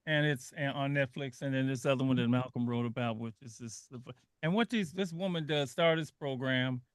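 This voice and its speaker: A man's voice: mid-range voice, normal speed, smooth, no room sound, studio quality. An older man hosting a radio talk show, telling stories in an emotional, earnest way with frequent restarts.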